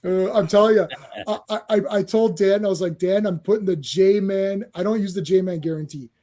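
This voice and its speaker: A man hosting a comics podcast in casual chat, excitable and full of stammering restarts. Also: high-pitched, moderate pace. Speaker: podcast host.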